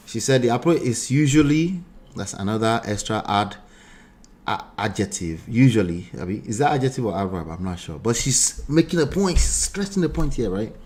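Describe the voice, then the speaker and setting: A man's voice: mid-range voice, moderate pace. A man hosting a live stream, reacting to a video and picking apart every word with rhetorical questions. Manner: animated, picks apart words, rhetorical questions.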